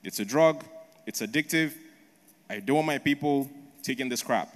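A man's voice: mid-range voice, normal speed, close to an everyday voice. A preacher acting out a stern king who refuses a deal, speaking firmly in a raised voice. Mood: refusing. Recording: long echo of a large hall.

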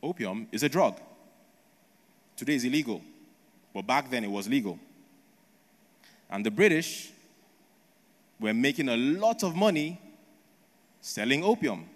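A male preacher delivering a sermon as a story, asking rhetorical questions and checking in with "right?" along the way. His voice sits at an ordinary male pitch, and the long reverb of a large hall trails behind every phrase. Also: expressive, measured pace, long pauses.

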